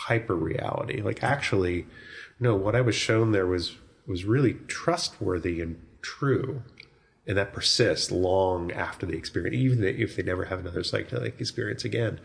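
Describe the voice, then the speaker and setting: A man's voice: deep voice, normal speed, vocal fry. A man talking as a guest author in an interview, reflective and searching for words, correcting himself as he goes. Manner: thoughtful, searching phrasing with self-corrections.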